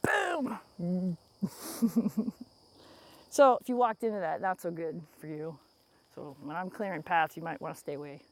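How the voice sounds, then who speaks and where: Out in the woods, an American woman hosts a rambling, casual livestream through a phone earbud mic, reading viewer comments aloud and laughing often. Her voice is low-pitched and lively in intonation, and she talks fairly quickly.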